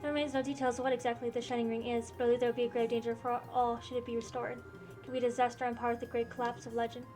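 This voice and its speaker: A woman's voice: fairly high pitch, little pitch movement, racing, lightly acted. Woman reading stately older queen, grave, formal, faint background music. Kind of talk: reading game dialogue aloud.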